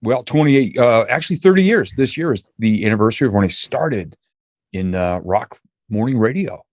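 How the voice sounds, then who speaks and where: A man's voice: mid-range voice, animated, moderate pace, dry recording. Man, slight Boston accent, motivational speaker, upbeat, joking, dry recording. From an hour north of Boston. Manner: upbeat, jokey storyteller. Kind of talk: casual interview chat.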